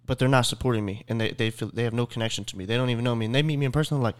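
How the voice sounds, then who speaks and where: A man's voice: mid-range voice, very fast, clear, resonant tone. A young man in his twenties, a social media creator, chatting casually and earnestly about fans, with plenty of swearing. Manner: earnest, swears, quotes fans' words. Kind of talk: casual chat.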